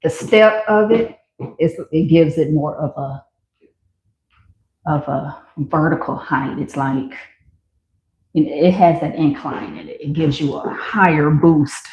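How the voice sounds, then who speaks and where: Slow-talking woman with a mellow voice. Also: sits low, a little hiss or hum. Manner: chatty and enthusiastic, talks to viewers. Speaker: vlogger selling shoes. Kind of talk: casual shop-with-me commentary. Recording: roomy, slightly dull home recording.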